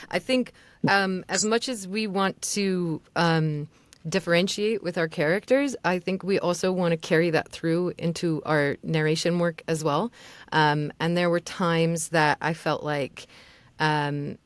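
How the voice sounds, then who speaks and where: Woman mentor, lowish voice, casual feedback, chatty and loose, dry recording. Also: no echo. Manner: chatty, loose, many filler words. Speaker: voice acting mentor.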